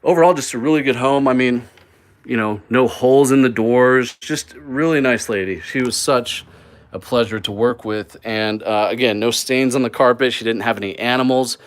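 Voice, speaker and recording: A man's voice: mid-range voice, moderate pace. A man hosting a live stream as he walks through a mobile home he is flipping, talking in an upbeat, rambling way with lots of fillers and restarts. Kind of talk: live walk-through vlog. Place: indoors in a small mobile home.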